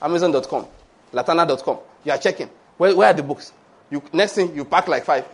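A man preaching a sermon, animated and humorous, laughing often and acting out the voices he quotes. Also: on the high side, fairly quick, husky.

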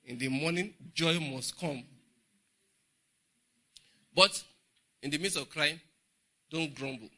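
A middle-aged man with a Nigerian English accent preaching a humorous, animated Bible study sermon in church. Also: fairly high pitch, slow pace, long pauses. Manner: humorous, laughing, animated storytelling. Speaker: pastor.

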